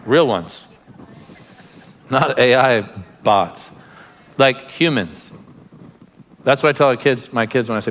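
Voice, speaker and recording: A man's voice: mid-range voice, lively intonation, takes it slowly, pauses often, a bit bright, long reverb tail. A man preaching a sermon as pastor, emphatic, breaking into laughing asides and urging listeners to pay attention.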